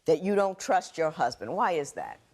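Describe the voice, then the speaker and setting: A woman's voice: sits low, sing-song, normal speed, darkish tone. A middle-aged woman presiding as a TV court judge, blunt, sarcastic and commanding in her rulings. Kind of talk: courtroom TV show.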